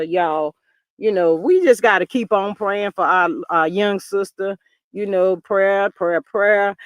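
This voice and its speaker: A man in his fifties hosting a livestream, chatting in an expressive way, reading viewer comments and often calling listeners "child". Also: high voice, no echo, clean studio sound. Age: 50s. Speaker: livestream host.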